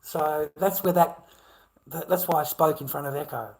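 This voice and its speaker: A man's voice: fairly high pitch, steady tone, moderate pace, vocal fry, low-quality recording. An Australian man talking to camera in a rambling, repetitive monologue, swearing heavily. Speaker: vlogger.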